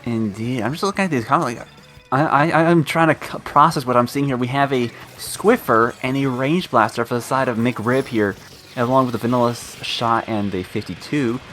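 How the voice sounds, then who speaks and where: A man's voice: mid-range voice, normal speed, a bit bright, soft background music. A young man co-commentating a live esports tournament, easygoing and enthusiastic, laughing along with his partner.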